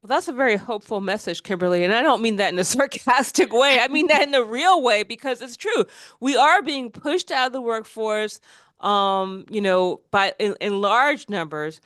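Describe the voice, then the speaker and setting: A woman hosting a casual political chat, animated and quick to mock the voices she quotes. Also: fairly high pitch, no room sound, studio quality. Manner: animated, mocking quoted voices, frequent restarts. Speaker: podcast host.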